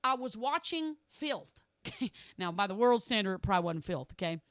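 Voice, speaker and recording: A woman's voice: medium pitch, sing-song, moderate pace, a bit bright, no room sound. A middle-aged woman pastor preaching a sermon, telling a candid personal story and repeating phrases for emphasis.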